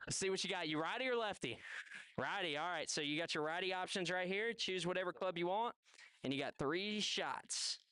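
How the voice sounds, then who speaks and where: A man's voice: high-pitched, a little fast, pushed and bright, clear, resonant tone. A man with a Southern US accent hosting a live golf competition, giving chatty play-by-play and chatting with contestants. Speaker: event host. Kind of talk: live event commentary. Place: outdoor golf event.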